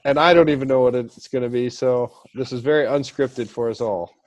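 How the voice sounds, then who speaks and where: A man's voice: mid-range voice, steady tone, brisk, lo-fi sound. A man hosting a casual podcast interview, talking in a loose, rambling way. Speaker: host.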